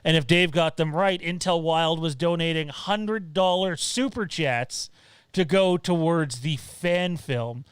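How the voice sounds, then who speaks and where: A man's voice: a little high, a little slow, clear, resonant tone, no room sound, clean studio sound. A man hosting a casual livestream from home, talking loosely with frequent fillers and some swearing. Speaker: podcast host. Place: home room.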